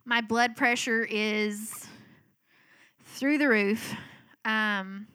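A woman's voice: fairly high pitch, fairly even intonation, extremely slow, sharp tone, smooth. A middle-aged woman giving a casual spoken testimony, telling her story in a chatty way full of filler words. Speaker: speaker sharing a personal testimony.

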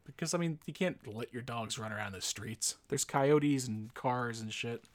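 A man's voice: medium pitch, normal speed. A man telling a rambling story in casual chat, swearing freely and acting out the people in it with laughs. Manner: animated storyteller, swears, acts out voices with laughs. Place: Los Angeles area.

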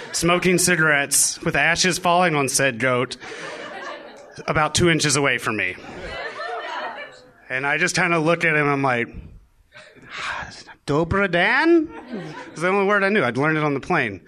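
A man's voice: a little high, normal speed, bright, forceful tone, some chatter behind. A young man telling a funny personal story on stage, wry and self-mocking, acting out the lines he quotes. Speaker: live storyteller. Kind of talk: live personal storytelling to an audience. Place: live venue stage.

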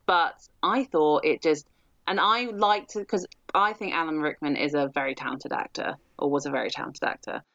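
Woman, very low voice, casual rambling chat, self-deprecating, dry lo-fi sound. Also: moderate pace, a bit bright, no room sound. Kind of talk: casual film discussion.

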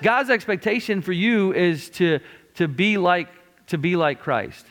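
A male pastor preaches in a high-pitched voice, pressing each point hard and circling back on his phrases. His words ring out with the long reverb of a church sanctuary. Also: a little slow, a bit bright. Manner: emphatic, repeats and restarts phrases. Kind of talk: sermon.

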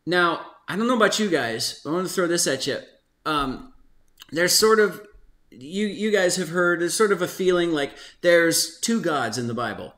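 A man's voice: on the high side, animated, normal speed, a bit bright, roomy sound. Chatty man hosting a Bible study. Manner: chatty, laughs often, reads out quotes. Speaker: host of a Bible study podcast. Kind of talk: casual conversational Bible study.

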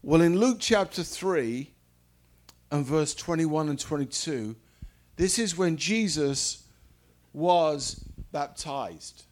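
A man preaching a sermon, reading scripture and explaining it slowly, with emphatic repetition. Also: fairly high pitch, expressive.

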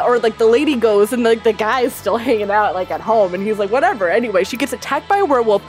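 Animated, swearing woman recapping a movie. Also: fairly high pitch, fast talker, few pauses, faint music behind. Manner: rambling, profane, lots of "like". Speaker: podcast co-host. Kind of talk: casual movie recap chat.

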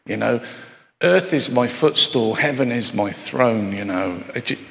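A man's voice: mid-range voice, lively intonation, measured pace, gravelly, fairly bright tone, slight background noise. A man preaching a sermon, chatty, with asides and rhetorical questions to his congregation. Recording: long hall reverb.

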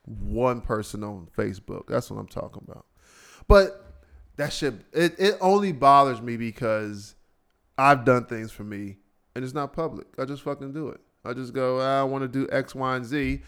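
Male podcast host, profane exasperated solo rant with mocking impressions, ordinary mid pitch. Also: normal speed, a bit bright, smooth.

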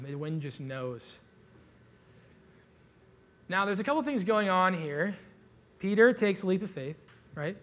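A man's voice: on the high side, a bit bright, a little hiss or hum. A man preaching a sermon in a casual, joking way, retelling a story with lots of filler words and asides. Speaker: pastor.

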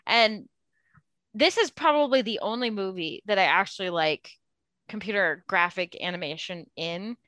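A woman's voice: mid-range voice, normal speed, bright, forceful tone, no echo. A woman enthusiastically giving her opinions on a film in casual chat. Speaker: podcast co-host.

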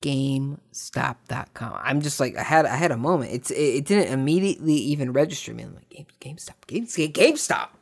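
A man hosting a podcast, telling a long story in a casual way, repeating words and swinging between hushed and excited tones. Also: medium pitch, fairly quick, creaky, hardly any pauses. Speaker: podcast host. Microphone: desk microphone.

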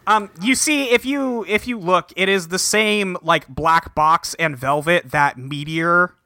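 A man casually recapping an anime plot on a podcast, acting out characters' lines in quick voices. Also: sits high, vocal fry, crowd noise. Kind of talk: casual chat.

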